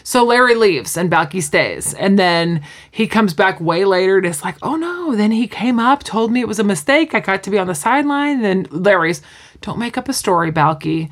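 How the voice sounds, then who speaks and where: A woman's voice: medium pitch, expressive, normal speed, hardly any pauses. A woman co-hosting a podcast in casual chat, animatedly retelling scenes and acting out the quotes. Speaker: podcast co-host.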